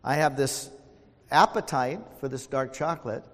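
A man's voice: mid-range voice, moderate pace. An older man preaching a sermon as a pastor, telling folksy stories and calling out for amens. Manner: folksy storytelling, calls for amens. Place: church sanctuary. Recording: long hall reverb.

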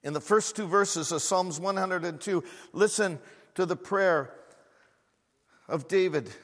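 A man's voice: high voice, unhurried, fairly bright tone. A man preaching a sermon as a pastor, repeating phrases with growing fervor. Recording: echoey hall with long reverb.

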